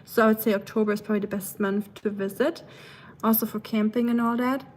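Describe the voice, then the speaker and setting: A woman from Germany with a German accent, casually chatting on a livestream and answering her viewers' comments, with frequent pauses. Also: medium pitch, steady tone, slight background noise, rough recording. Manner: chatty and rambling, with frequent "um" pauses and light laughs; switches between English and German. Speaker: livestream host.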